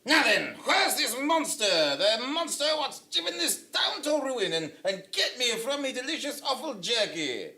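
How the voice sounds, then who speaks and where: A man's voice: extremely high pitch, big pitch swings, unhurried, hardly any pauses, bright, forceful tone, slight background noise, full character voice. A man voicing a bumbling roaming gunslinger, blustering and hesitant, laughing through his lines.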